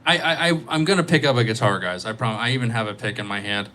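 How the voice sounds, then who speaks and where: Tired guy goofing around with his chat on a live guitar stream, rambly, normal-pitched voice. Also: fast talker, sharp tone. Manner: rambling, joking, playful. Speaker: livestreaming guitarist. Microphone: microphone.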